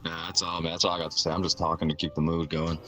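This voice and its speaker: A man's voice: very deep voice, level tone, rapid-fire, fairly bright tone. A young man casually telling a rambling, slangy story in a voice chat, laughing at his own jokes. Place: online voice chat at home. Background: music playing.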